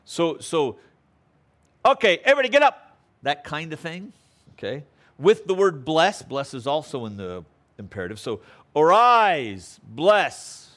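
A man teaching a Bible passage in a conversational way, checking in with listeners and building to emphatic preaching. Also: mid-range voice. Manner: conversational, checks in with frequent "okay?"; acts out quotes with playful voices.

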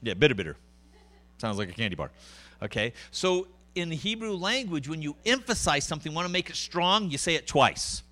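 Animated, bright-voiced male preacher. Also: a little high, fairly quick. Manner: conversational, animated preaching with asides to the congregation. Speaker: pastor. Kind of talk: sermon.

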